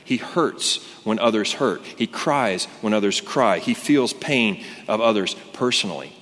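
Pastor type, male, lowish voice, earnest conversational sermon delivery, long hall reverb. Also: fairly bright tone. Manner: conversational and earnest, with many fillers and restarts.

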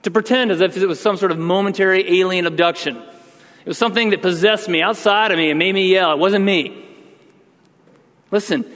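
A man's voice: sits high, moderate pace, fairly bright tone, long reverb tail. A man pastor giving a sermon, talking conversationally and then building to emphatic outbursts.

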